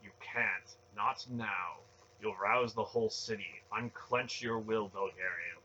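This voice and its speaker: A man voicing a stern, disembodied voice inside a hero's mind, slow and commanding. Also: lowish voice, bright, forceful tone, husky, highs cut off, heavily acted.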